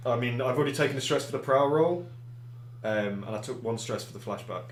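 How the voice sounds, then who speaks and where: A man's voice: mid-range voice, a little fast, echoey room, slight background noise. A man playing a tabletop game, chatting casually about his dice rolls. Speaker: player.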